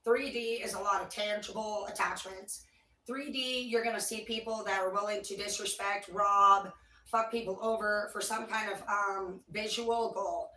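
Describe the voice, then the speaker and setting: A woman's voice: medium pitch, fairly even intonation, normal speed, sharp tone, distant mic. Blunt, foul-mouthed woman reading tarot. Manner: blunt, profane, rambling. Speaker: tarot reader. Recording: echoey room, voice away from mic.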